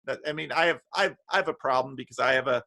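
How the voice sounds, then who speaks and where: A man from New Jersey hosting a casual conversation over a video call, talking in halting bursts with many restarts and fillers. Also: mid-range voice, gravelly, pushed and bright. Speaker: host.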